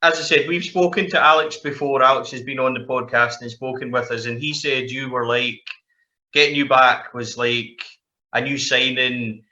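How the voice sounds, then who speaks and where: A man's voice: medium pitch, fairly even intonation, moderate pace, sharp tone. A man hosting a podcast, mostly giving short encouraging replies and then setting up a question. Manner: brief encouraging backchannels, then a long setup question. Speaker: podcast host. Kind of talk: casual podcast interview. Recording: lo-fi call audio.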